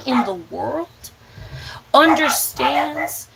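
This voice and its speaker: In a very noisy recording, a young female vlog host rants while cooking, her voice a little high and her pace moderate. She's blunt and swears freely, stretching certain words out to stress them.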